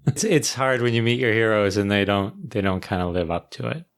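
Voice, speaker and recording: A man's voice: fairly low pitch, lively intonation, smooth. Middle aged guy hosting a podcast, bouncy sing-songy voice, cracks jokes. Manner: jokey, quick to laugh. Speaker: podcast host. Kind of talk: casual chat.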